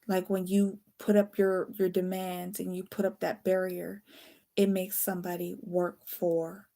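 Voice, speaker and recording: A woman's voice: fairly low pitch, flat delivery, a little slow, gravelly, warm tone. A tired woman giving a casual, late-night tarot reading, chatty and candid, swearing now and then. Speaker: tarot reader.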